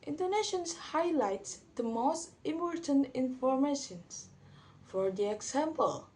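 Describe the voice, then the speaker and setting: Young woman student giving a class talk, slowish, kinda high voice, bit halting. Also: lively intonation, mellow. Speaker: student presenter. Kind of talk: class presentation.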